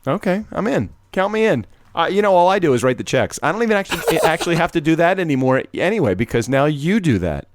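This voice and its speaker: A man's voice: a little high, very animated, fast talker, hardly any pauses, no room sound. A man co-hosting a podcast in casual chat, jokey and restarting his sentences. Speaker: podcast co-host.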